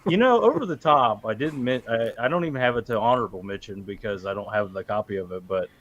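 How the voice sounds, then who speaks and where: A man's voice: lowish voice, fast, lo-fi sound. A man co-hosting a casual livestream movie chat, telling scenes with laughter and acted-out lines. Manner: animated, laughing storyteller. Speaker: podcast co-host.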